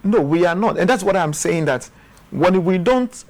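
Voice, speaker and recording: A man's voice: sits high, lively intonation, moderate pace, a little mellow. A man with a Ghanaian English accent, speaking as a guest in a studio interview, earnest and often repeating words as he restarts. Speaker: guest, former official.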